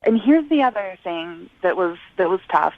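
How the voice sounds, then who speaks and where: A woman's voice: mid-range voice, animated, normal speed, no room sound. A woman on a phone call speaks hesitantly and politely, breaking into nervous laughs as she searches for words. The line sounds dull and lo-fi, dry and close. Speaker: caller on the phone. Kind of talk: phone conversation.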